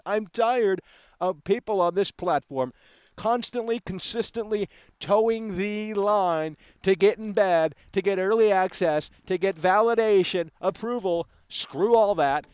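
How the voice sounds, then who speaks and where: A man with a high-pitched voice hosts a gaming livestream, ranting in a brash, combative way that breaks into loud outbursts. He's on a close mic with no room sound.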